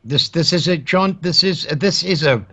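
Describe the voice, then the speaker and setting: An English man with a slightly raised pitch delivers dry, mock-formal banter on a comedy webcam stream. His voice comes through a slightly muffled webcam mic, dulled at the top end. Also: moderate pace, a bit bright. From England. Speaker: co-host of a webcam stream show. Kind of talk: casual comedic stream chat. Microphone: webcam microphone.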